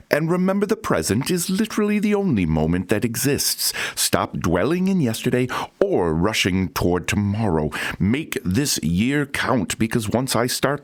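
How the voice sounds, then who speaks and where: A man voicing Baby New Year, a newborn with a grown man's calm, matter-of-fact American voice. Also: fairly low pitch, dry recording. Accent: General American.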